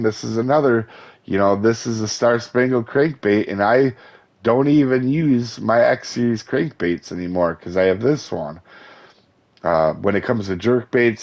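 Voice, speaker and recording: A man with a hoarse, fading voice hosting a casual game guide, chatty and enthusiastic, with many fillers and restarts. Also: mid-range voice, darkish tone. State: hoarse, losing his voice. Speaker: gaming channel host.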